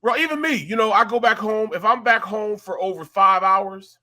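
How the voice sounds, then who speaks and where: Laid-back man from St. Louis, bright tone. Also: high-pitched, moderate pace. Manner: laid-back, rambling, says man a lot. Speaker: host. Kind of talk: casual sports talk.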